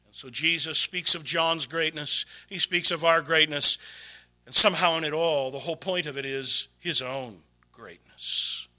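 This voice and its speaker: A man pastor preaching a sermon in a church, dramatically shifting between hushed, low-spoken asides and loud, raised exclamations. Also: normal speed.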